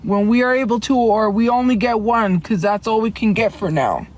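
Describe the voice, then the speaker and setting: A slightly high, slightly mellow female voice comes from a woman streaming live in her car; she rambles, sounds defensive, and answers chat with quick bursts of laughter.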